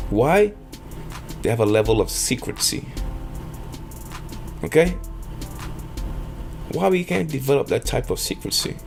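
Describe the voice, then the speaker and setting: A middle-aged man giving rambling, animated opinion commentary on his vlog, acting out the voices he quotes. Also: mid-range voice, vocal fry. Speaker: vlogger.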